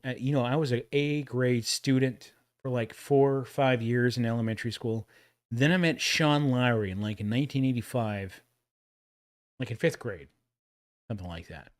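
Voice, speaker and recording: A man in his forties with a Texan accent, hosting a casual livestream and rambling as he reacts to old commercials. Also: medium pitch. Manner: rambling, chatty, laughs at his own jokes.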